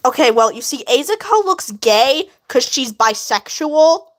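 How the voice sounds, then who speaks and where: A woman chatting casually on a livestream, animated and quick to laugh, with a laugh that sounds like crying. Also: high-pitched. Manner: animated, laughs a lot, bursts into shouting. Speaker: livestream host.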